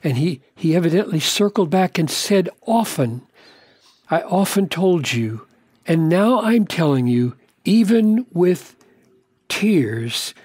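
Older male pastor, measured earnest Bible teaching, unhurried, dry studio sound. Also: on the high side, expressive, a little mellow, breathy edge, dry recording. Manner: earnest, deliberate, stretches key words for emphasis.

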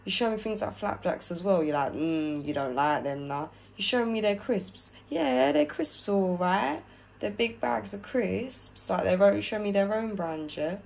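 A woman's voice: medium pitch, moderate pace, gravelly, hardly any pauses, darkish tone, low-quality recording. A woman chatting casually as she relays a spirit's opinions, often checking with "yeah?" and repeating herself. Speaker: spiritual medium channeling a spirit. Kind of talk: casual spirit reading to camera.

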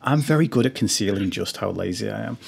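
Male host with a gravelly voice. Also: on the low side, animated, fast, darkish tone. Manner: conversational, stumbling restarts, joking. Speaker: podcast host. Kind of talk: interview.

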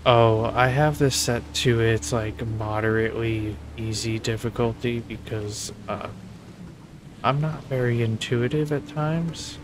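A man's voice: medium pitch, steady tone, measured pace, noisy background. A man playing a video game and commenting casually, swearing, joking and sarcastic. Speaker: gaming video host.

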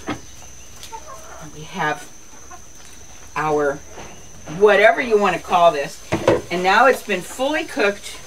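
A woman's voice: fairly low pitch, background noise. A woman hosting a casual cooking and garden show outdoors, chatty and folksy, chatting to her animals as she goes. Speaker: host of a lifestyle show.

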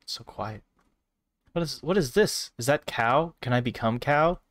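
A man streaming a virtual world game, reacting out loud in casual commentary with laughs and exclamations. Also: lively intonation, measured pace, dry recording, studio quality. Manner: laughing, exclaiming, sudden high squeals. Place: at home at a desk.

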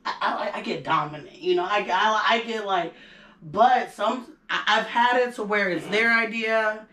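A woman's voice: medium pitch, unhurried, bright, forceful tone, distant mic. A young woman, a podcast guest, talking hesitantly with lots of fillers and giggles. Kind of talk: casual chat. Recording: echoey room, slightly off-mic.

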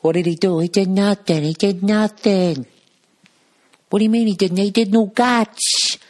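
A man doing shrill, outraged young housemates. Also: fairly even intonation, a little slow. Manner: shrill, loud, sputtering outrage. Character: excitable young male reality-show housemates.

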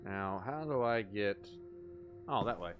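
A man's voice: on the low side, lively intonation, measured pace, muffled recording, music in the background. A young adult man giving live gameplay commentary as a streamer, goofy and joking, swearing at his mistakes.

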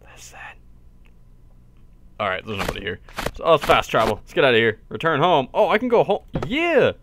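A man's voice: on the high side, fast talker, background noise. Guy playing a game on mic, swears a lot, voice jumps all over, yelps when stuff happens. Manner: excitable, swears often, yelps and shouts in surprise. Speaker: gaming video host. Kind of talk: casual let's-play commentary.

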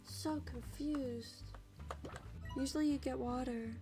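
A woman's voice: sits high, measured pace. A woman streaming a game, chatting casually and squealing and cooing at the creatures on screen. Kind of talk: casual gameplay commentary. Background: game music.

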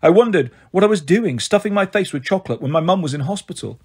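Husky-voiced male storybook reader. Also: high voice, lively intonation, fast talker, darkish tone. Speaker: audiobook reader. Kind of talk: storybook narration.

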